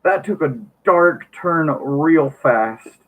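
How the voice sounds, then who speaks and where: A man's voice: fairly high pitch, animated, very slow, a bit bright. A man reading a book aloud on his channel, stumbling over words and breaking off for wry joking asides. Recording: tinny lo-fi mic, faint hiss.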